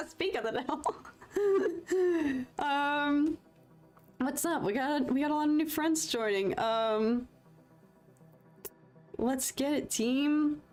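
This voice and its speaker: A young adult woman chatting casually with her live-stream audience while painting, rambling and self-deprecating, with mild stand-in swear words. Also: high voice.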